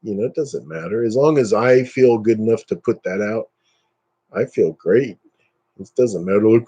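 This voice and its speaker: A man hosting a casual live stream, chatting with viewers and ranting dismissively, his pitch jumping up when he gets worked up. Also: moderate pace, dark tone, husky.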